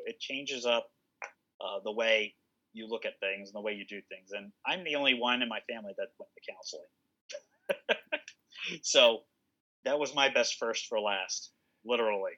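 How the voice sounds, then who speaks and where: A man's voice: mid-range voice, moderate pace, pauses often, bright, forceful tone, highs cut off. A young man, a political candidate, telling stories in a casual podcast interview with many fillers and restarts. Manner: rambling storyteller, frequent restarts and fillers, laughs often.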